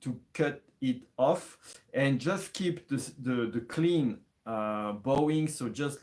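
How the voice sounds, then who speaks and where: A man's voice: medium pitch, takes it slowly. A man giving a casual music lesson, thinking aloud, hesitating and restarting with many fillers. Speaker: music teacher.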